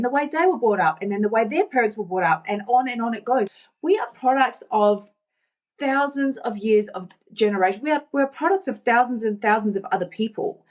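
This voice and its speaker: A woman coaching a group on weight loss, talking candidly and repeating phrases for emphasis. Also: medium pitch. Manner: candid, repetitive, self-reflective.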